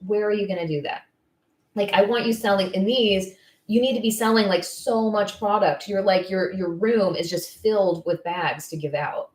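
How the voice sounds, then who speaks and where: A woman's voice: medium pitch, normal speed, a little mellow. A woman in her thirties, an esthetician coaching others, talking casually and candidly, thinking aloud with lots of fillers. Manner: candid and heartfelt. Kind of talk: casual Q&A talk. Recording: echoey room, distant mic.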